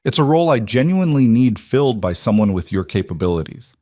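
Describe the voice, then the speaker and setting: A man's voice: medium pitch, big pitch swings, dark tone, no room sound, studio quality. A man voicing a composed, direct female executive. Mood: steady. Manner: measured, direct and reassuring. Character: composed female executive making a job offer.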